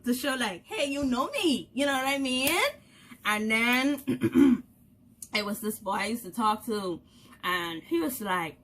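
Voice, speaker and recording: A young woman with a Bahamian accent chats to her camera, spinning a casual story. Her voice sits a little high and rings bright, and she keeps it lively, laughing as she goes and slipping into the voices of the people in her tale. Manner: animated, laughing often, acts out quoted voices. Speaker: vlogger.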